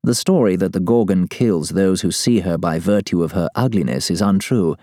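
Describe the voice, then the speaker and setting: A man narrating a story in the first person as a letter, with measured, formal, old-fashioned phrasing. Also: deep voice, warm tone, dry recording, studio quality.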